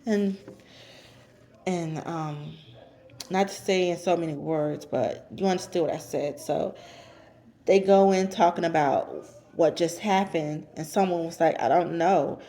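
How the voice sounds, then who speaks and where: A woman casually recapping a reality show episode, chatty and repeating herself for emphasis, and she steers clear of cursing. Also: lowish voice, measured pace, darkish tone. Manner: avoids cursing.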